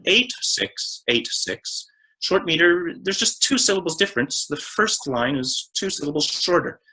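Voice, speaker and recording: A man's voice: on the high side, pushed and bright, low-quality recording. A man presenting a lecture on old hymn tunes, breaking into sung phrases and counting out beats between explanations.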